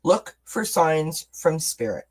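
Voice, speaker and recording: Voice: medium pitch, very animated, slow pace, breathy edge, low-quality recording. A tarot card reader giving a casual live-streamed reading, chatty and encouraging, with self-deprecating asides between cards. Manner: chatty, encouraging, responds to chat comments.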